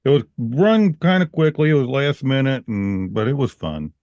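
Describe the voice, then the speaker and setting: A man co-hosting a music podcast, playful and quick to laugh in casual chat. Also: medium pitch, animated, no room sound, lo-fi sound. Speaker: podcast co-host.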